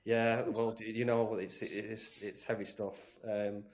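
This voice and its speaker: A man's voice: fairly low pitch, level tone, a little slow, darkish tone. A man hosting a casual football podcast, teasing his co-hosts with laughing banter. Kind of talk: casual chat.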